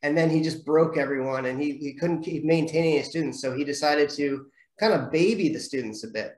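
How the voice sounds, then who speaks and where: A man's voice: a little high, fairly quick. Martial arts teacher guy chatting on a podcast, tells stories and does the voices, kinda echoey room. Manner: animated storyteller, acts out quotes. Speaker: martial arts school instructor. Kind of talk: casual podcast conversation.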